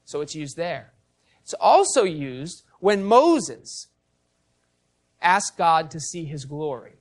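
Male pastor, fairly high voice, teacherly sermon, explains and quizzes the congregation. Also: big pitch swings, takes it slowly. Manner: teacherly, explains the Greek and asks the congregation questions. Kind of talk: expository sermon.

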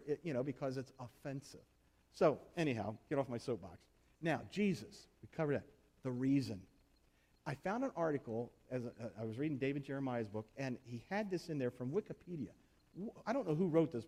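Male preacher, fairly high voice, emphatic and chatty delivery, frequent rhetorical questions. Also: darkish tone. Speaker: pastor. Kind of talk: sermon.

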